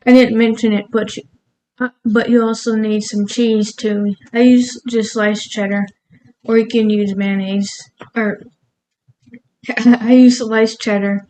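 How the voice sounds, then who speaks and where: A woman's voice: a little high, flat delivery, a little slow, dark tone, a little hiss or hum, poor audio. A woman cooking in her home kitchen, rambling casually and laughing at herself as she talks through her recipe. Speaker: cooking vlogger. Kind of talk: casual cooking vlog chat.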